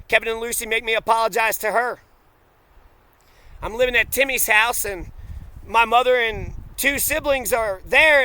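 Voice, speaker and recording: Man, angry profane ranter, smooth clear high voice. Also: pushed and bright, no room sound. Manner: bitter, profane, accusatory. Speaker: vlogger. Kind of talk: angry personal rant.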